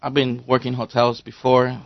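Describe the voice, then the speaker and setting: Gravelly man from Florida, halting. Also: mid-range voice, monotone, no room sound. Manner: halting, leans on fillers. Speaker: executive chef. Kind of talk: interview guest. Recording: dull lo-fi studio sound, dry.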